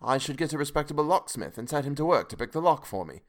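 Man putting on a frantic young english guy, way higher voice, urgent and pleading. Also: big pitch swings, fast talker. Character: anxious young Englishman, desperate and impatient. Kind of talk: audiobook character reading.

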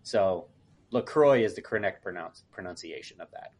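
A man co-hosting a podcast in casual chat, rambling and trailing off quietly. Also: sits low, expressive, moderate pace, over a noisy crowd. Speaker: podcast co-host.

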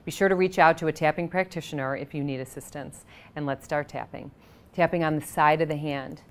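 A woman with a fairly low voice leads a guided tapping session. She speaks calmly and at a measured pace. She guides the listener's breathing with audible sighs.

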